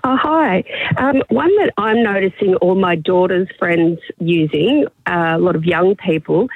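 A middle-aged woman phones in to the radio, friendly and a little husky. Her voice comes through a tinny phone line. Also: fairly low pitch, unhurried, dry recording. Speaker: caller.

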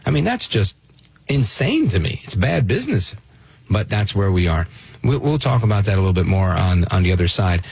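A man's voice: lowish voice, lively intonation, a little fast, vocal fry, slightly rough, no room sound. A man from Brooklyn hosting a call-in radio show, talking emphatically and often asking "right?". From Brooklyn, New York. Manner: emphatic, restarts and rhetorical "right?". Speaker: radio talk show host.

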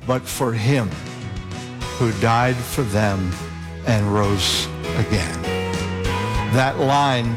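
A man preaching a sermon in an earnest, deliberate way, spelling out key words slowly. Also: medium pitch, over music. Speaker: pastor.

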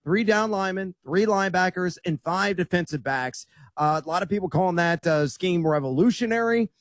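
A man's voice: high voice, expressive, brisk, no echo, studio quality. A man co-hosting a sports betting show who gives upbeat, emphatic picks, with frequent "uh" fillers between his points. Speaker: sports analyst co-host.

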